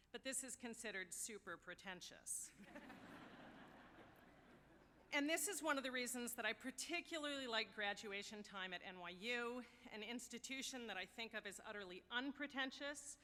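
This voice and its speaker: An American woman, a university official, giving a wry, measured ceremonial address at a podium in a large hall. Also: on the high side, pushed and bright. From United States. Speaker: university deputy provost. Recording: long hall reverb.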